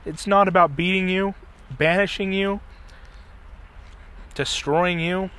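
A man's voice: high voice, fairly even intonation, slow pace, fairly bright tone, pitched above the performer's own voice. A man acting out the lines of a resolute young male hero, solemn and declaiming. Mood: defiant.

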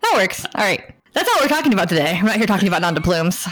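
Woman podcast host, playful and animated, mid-pitched. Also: very fast. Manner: joking, playful, lively delivery. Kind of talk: casual podcast chat.

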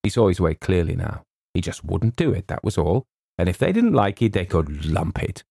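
A man reading a comic short story aloud in a measured, wry storytelling manner. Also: deep voice, very animated, creaky, warm tone, slightly rough, dry recording, studio quality. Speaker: audiobook reader. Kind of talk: scripted narration.

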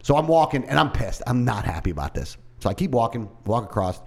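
A man co-hosting a casual talk show, telling a story in an animated way, swearing freely and acting out what others said. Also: mid-range voice, fast talker, gravelly. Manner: animated storytelling, heavy swearing, acts out quoted voices. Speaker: podcast co-host. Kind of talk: casual chat.

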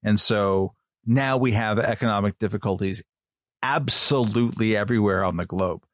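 Man, podcast panelist, low voice, rambles with lots of ums, dry sound. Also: moderate pace, dry recording. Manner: rambling, filler-heavy commentary. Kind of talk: casual chat.

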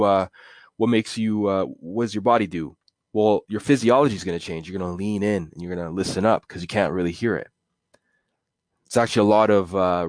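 Male podcast host, low and laid back, casual monologue with fillers. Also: no echo, studio quality. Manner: relaxed and conversational, with many fillers.

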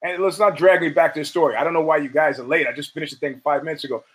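A man's voice: a little high, steady tone, very fast, fairly bright tone, low-quality recording. A man hosting his own show, telling a rambling, profane story with stammered restarts and acted-out dialogue. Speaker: podcast host. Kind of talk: casual storytelling monologue.

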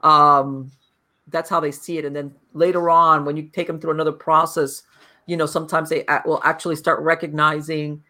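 A woman's voice: low-pitched, flat delivery, moderate pace, sharp tone. A woman hosting an interview podcast, explaining hypnosis sessions and checking in with "okay?". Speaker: podcast host.

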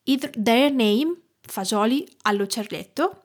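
A woman in her thirties from Tuscany with an Italian accent, hosting a food podcast in a warm, enthusiastic, scripted way. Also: a little high, animated, moderate pace. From Tuscany, Italy. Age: 30s. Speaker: podcast host, cooking teacher.

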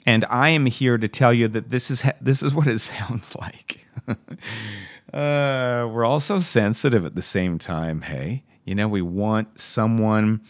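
Guy on his podcast, fired up and ranting, mid-pitched voice. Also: a little slow, dry recording, studio quality. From Canada. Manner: passionate, ranting, emphatic. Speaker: podcast host answering listener questions. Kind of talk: opinionated advice monologue.

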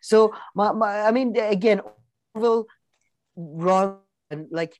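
A woman's voice: mid-range voice, slow pace, a little mellow, no echo. A woman co-hosting a podcast, talking politics in a casual, sardonic way with lots of fillers and restarts. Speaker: podcast co-host.

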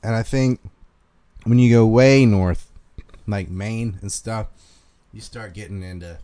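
A man with a low voice and a light Carolina Southern twang talks bluntly and profanely. He rants in a casual livestream style and shows little restraint. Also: unhurried, dark tone. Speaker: podcast host reading donations.

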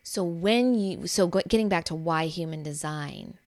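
A woman life coach hosting her own podcast, talking straight to the listener in an earnest, encouraging way. Her voice sits fairly low and has a lot of vocal fry, and she laughs easily. The sound is dry and close, with no room echo. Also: moderate pace, a little mellow. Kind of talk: solo spiritual podcast monologue.

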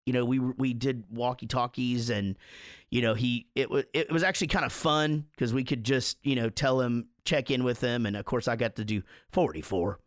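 A man's voice: medium pitch, normal speed, no echo, clean studio sound. A man co-hosting a podcast who tells rambling, profane stories in a casual chat and laughs as he goes. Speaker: podcast co-host.

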